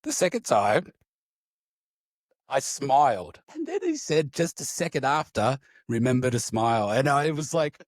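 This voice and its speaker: A man hosting a podcast, candidly recounting a personal experience in a casual, animated way with occasional swearing. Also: on the high side, a little slow, dry recording, clean studio sound. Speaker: podcast host. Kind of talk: casual storytelling in conversation.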